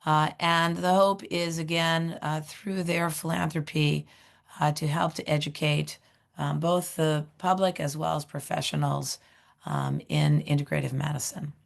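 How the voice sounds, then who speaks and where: A middle-aged woman with a hoarse voice, hosting a webinar and introducing speakers, halting with many fillers. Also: low voice, fairly even intonation. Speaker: seminar host, director of education.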